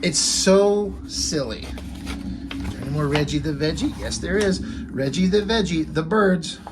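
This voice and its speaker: A man's voice: fairly high pitch, unhurried, noisy background. A man giving a casual comic book review, talking in an offhand, wry and rambling way.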